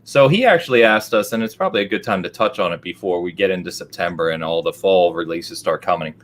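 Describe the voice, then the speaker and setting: A man hosting a casual podcast, upbeat, chiming in with quick affirmations. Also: deep voice. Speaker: podcast host.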